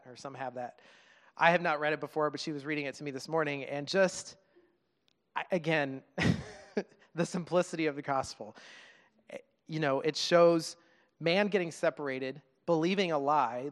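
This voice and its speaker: Brief: man in his thirties, church preacher, higher-pitched voice, earnest and chatty, long hall reverb. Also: steady tone, a bit bright. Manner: earnest, conversational, halting with restarts and laughs. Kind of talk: sermon.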